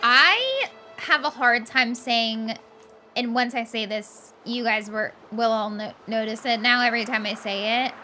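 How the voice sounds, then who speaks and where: A woman's voice: fairly high pitch, a little slow, sharp tone, soft background music. A young woman chatting casually and playfully as she plays a game on a live stream, laughing often.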